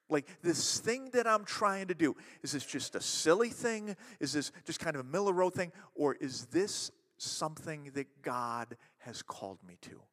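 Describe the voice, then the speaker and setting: Guy preaching a sermon, high voice that jumps all over, long hall echo. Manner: animated preaching, acts out quoted voices, swings loud and soft. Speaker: pastor.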